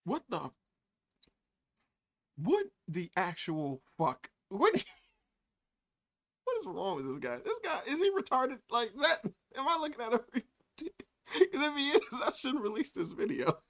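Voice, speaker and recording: A man's voice: very high-pitched, wildly swooping pitch, a little slow, creaky, pauses often, a bit bright. A man doing reaction commentary on a video, mocking, swearing and often breaking into laughter. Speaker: YouTube commentator.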